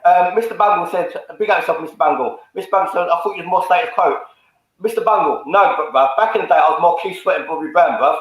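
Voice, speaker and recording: A man's voice: high voice, fast. A man hosting a casual fan stream, jokey and full of slang as he reads out viewer comments. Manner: jokey, drops slang, lots of "um". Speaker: host reading viewer comments. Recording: very echoey room.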